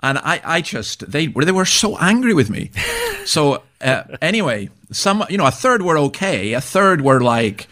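A man's voice: on the high side, sing-song, measured pace, sharp tone. A middle-aged Scottish man, a minister, talking casually as an interview guest, chatty and self-deprecating with many restarts. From Scotland.

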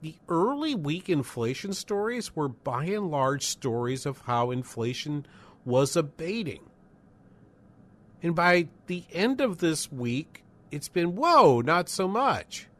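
A man's voice: on the high side, sing-song, takes it slowly. A man in his sixties from northern New England, hosting a call-in radio talk show in a casual, rambling way with many fillers and restarts.

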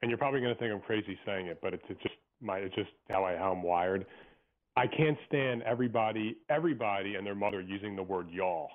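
Fast-talking male caller on tinny phone. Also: on the low side. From Philadelphia. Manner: opinionated, rambling rant. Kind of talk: phoned-in radio chat. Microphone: telephone. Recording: tinny phone line on radio.

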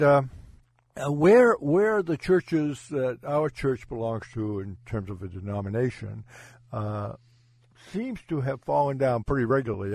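A man's voice: mid-range voice, a little mellow, no echo. Guy pastor telling his story, stops and restarts a lot, earnest, dry close sound. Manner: halting, self-correcting, earnest. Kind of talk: personal testimony in conversation.

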